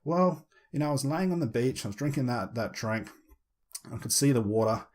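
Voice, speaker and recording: A man voicing a relaxed hypnosis client who dreamily recalls lying on a beach. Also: mid-range voice, a little fast, close to an everyday voice. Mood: dreamy.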